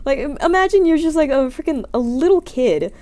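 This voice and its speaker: Young woman, streamer, giggly, rambling, self-deprecating, slightly high voice, casual chat from her room. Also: expressive, brisk, dark tone. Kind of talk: casual chat answering scenario questions.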